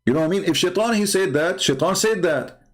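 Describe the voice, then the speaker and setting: Hosting a livestream about religious texts, a man speaks fast in a high-pitched, expressive voice. He argues his point through repeated rhetorical questions, hesitating often and leaning on lots of filler.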